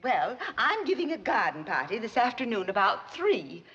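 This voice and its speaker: Sitcom: a high-pitched, prim society matron, fussy and tearful, very lively delivery. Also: female voice, moderate pace, breathy edge, lo-fi sound, exaggerated voice. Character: prissy rich society woman, fretful and proper. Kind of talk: 1960s sitcom acting.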